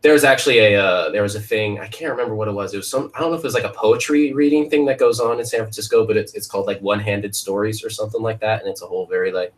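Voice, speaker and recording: A man's voice: fairly low pitch, rapid-fire, hardly any pauses. Rambling man heard from a distance. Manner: rambling, restarts often. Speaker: podcast host. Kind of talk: casual chat.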